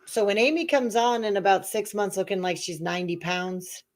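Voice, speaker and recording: In a casual live-streamed panel chat, a woman serves as co-host, teasing and laughing frequently while acting out other people's lines. She speaks at normal speed in a mid-range voice.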